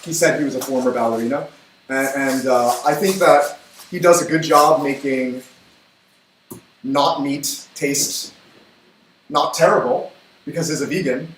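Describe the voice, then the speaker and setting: A man's voice: medium pitch, fairly bright tone. Man, cooking host, chatty and upbeat, faint background hiss. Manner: chatty, upbeat, quick asides. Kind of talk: casual cooking livestream chat. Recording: echoey room from far off, faint noise.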